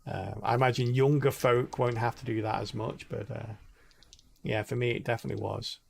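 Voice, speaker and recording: A man's voice: medium pitch, fairly even intonation, brisk, gravelly, a little hiss or hum. A middle-aged man streaming a game live, rambling and thinking aloud as he plays. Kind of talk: live gameplay commentary.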